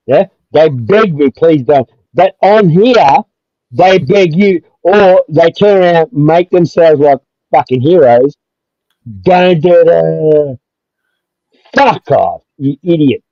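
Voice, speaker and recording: Heard through dull, dry, lo-fi stream audio, a livestream host with a fairly high voice rants aggressively. He's heated and repetitive, swearing over and over.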